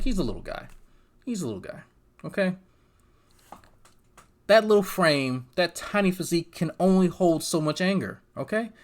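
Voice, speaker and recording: Brief: mocking, profane male commentator, lively swooping delivery. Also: a little high. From New Jersey. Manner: sarcastic, crude, mocking. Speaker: commentary YouTuber.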